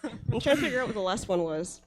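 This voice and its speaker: A woman hosting a live comedy panel, animated and sarcastic. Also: fairly high pitch, fast talker.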